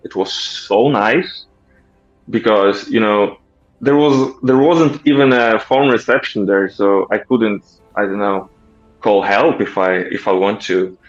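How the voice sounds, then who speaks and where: A man, a guest, telling a story from a long hike in a reflective, grateful, unhurried way. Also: fairly low pitch. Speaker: guest hiker. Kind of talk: casual storytelling. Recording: muffled with faint music.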